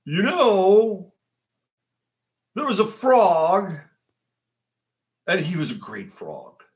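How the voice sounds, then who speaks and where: A man's voice: high-pitched, huge pitch swings, drawn-out words, pitched above the performer's own voice, heavily acted. A man doing a bragging politician impression. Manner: repetitive superlatives, showy. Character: boastful older male politician, bragging.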